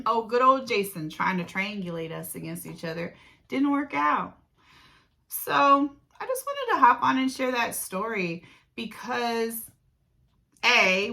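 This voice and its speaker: Middle-aged woman, casual storytime host, dry throat, keeps clearing it, sharp bright tone. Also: mid-range voice, low-quality recording. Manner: animated retelling, frequent throat clearing.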